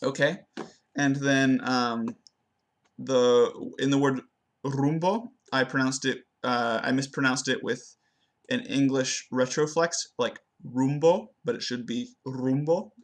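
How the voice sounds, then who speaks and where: A young man giving a spoken review of his own pronunciation, hesitant and full of fillers, slowing down to demonstrate words. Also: medium pitch, steady tone. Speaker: language student. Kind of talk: spoken self-assessment of pronunciation.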